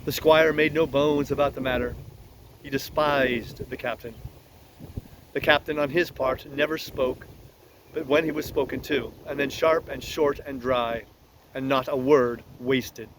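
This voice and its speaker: A man reading a classic novel aloud at an unhurried pace, now and then adding a casual aside. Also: medium pitch, steady tone, background noise. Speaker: audiobook reader.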